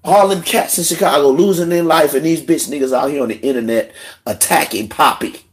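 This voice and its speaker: A man rants on his livestream in a heated, profane voice, sliding from low muttering up to outright shouting. He sounds emotional, close to tears. His voice sits somewhat high for a man. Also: a little fast. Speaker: livestream host. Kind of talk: angry livestream rant.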